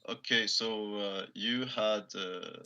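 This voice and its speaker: Hesitant man with a bright, low voice. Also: steady tone, clean tone, lo-fi sound. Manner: hesitant, halting with fillers. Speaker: debate opponent. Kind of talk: hesitant debate talk.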